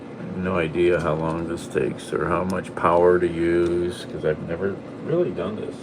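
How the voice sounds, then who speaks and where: Deep gravelly man talking to his cat. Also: fairly even intonation, normal speed, noisy background. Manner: chatty, talks to his cat. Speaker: vlogger. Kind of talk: casual cooking vlog. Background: cat meowing.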